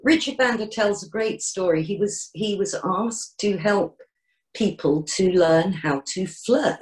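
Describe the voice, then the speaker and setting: A middle-aged woman, a coach, talking as a podcast guest in a gently encouraging way and acting out inner voices. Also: medium pitch, unhurried. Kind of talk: podcast interview.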